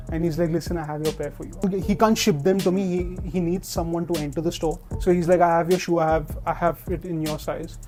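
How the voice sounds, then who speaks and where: High-voiced young man telling a story. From India. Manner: animated, acts out quotes, many filler "like"s. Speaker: sneaker collector. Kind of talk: casual storytelling.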